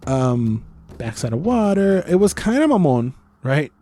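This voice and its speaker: This podcast co-host chats casually about a movie in a somewhat high, sing-song voice that's mellow and a little slow, with faint music in the background. He swears, acts out his own reactions, and sprinkles Spanish slang into his English.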